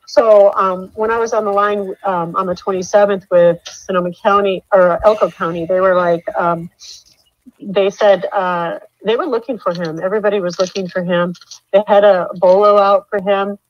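A middle-aged woman telling her story in an interview, halting with many fillers and restarts, her voice rising when upset. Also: mid-range voice, fairly even intonation, no echo. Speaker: mother of a missing man, interview guest. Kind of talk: emotional interview account. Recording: dull dry lo-fi sound.

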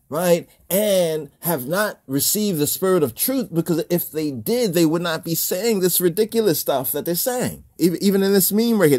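A man's voice: a little high, dark tone. A man hosting a religious video, talking in a casual monologue full of repeated rhetorical questions and chuckles.

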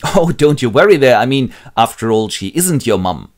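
A man's voice: medium pitch, big pitch swings, moderate pace, voice pushed up, close to an everyday voice. A man voicing a chatty old shepherd who works as a messenger. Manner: breezy, loud.

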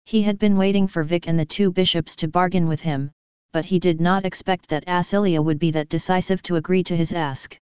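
A woman narrating an audiobook in a steady, even storytelling manner. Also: lowish voice, fairly quick, clean tone, dry recording. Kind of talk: scripted narration.

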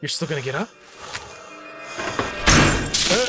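A man hosting a gaming video, commenting excitably as he plays, talking to himself and his viewers and shouting at the game. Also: on the high side, unhurried, long pauses, loud music behind the voice. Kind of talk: let's-play commentary. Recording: loud game noise behind the commentary.

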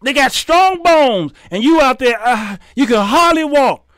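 A man with a strikingly high voice delivers a heated, preachy rant as host of his own show. His tone is smooth and clear, and he hammers his points home by repeating phrases as if scolding a congregation. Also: expressive, a little slow, fairly bright tone, no echo, studio quality.

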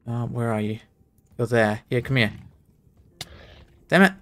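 A man's voice: mid-range voice, a little slow, a bit bright, slight background noise. Muttering young man streaming a speedrun. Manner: self-talking, muttering and exclaiming. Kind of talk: live commentary while speedrunning a game.

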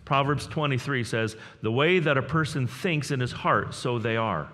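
A man preaching a sermon as pastor, energetic and building to excited peaks, often repeating words as he gets fired up. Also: medium pitch, moderate pace. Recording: long hall reverb.

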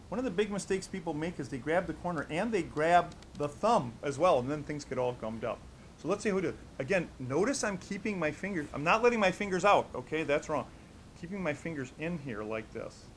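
Male doctor-instructor, slightly high voice, emphatic and repetitive, teaching a practical skill, faint noise floor. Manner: repetitive, emphatic, stressing key steps. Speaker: doctor demonstrating a technique. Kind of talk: hands-on teaching demonstration. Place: studio against a black backdrop.

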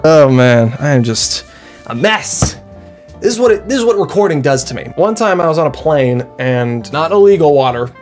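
A man's voice: fairly high pitch, lively intonation, moderate pace, darkish tone, soft background music. A young man, a college student, chatting casually to camera in a rambling, self-mocking way that is full of restarts. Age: young adult. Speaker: vlogger.

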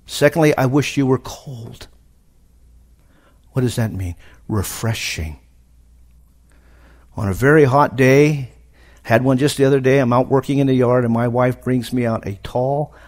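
A middle-aged man preaching a sermon at a conference, animated, with sudden loud emphatic rises. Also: mid-range voice. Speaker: pastor. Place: conference hall.

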